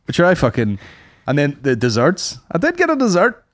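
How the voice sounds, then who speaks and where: Animated swearing man. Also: a little fast, slight background noise. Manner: animated storyteller, swears a lot, mimics people in high voices. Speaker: podcast co-host. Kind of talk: casual chat.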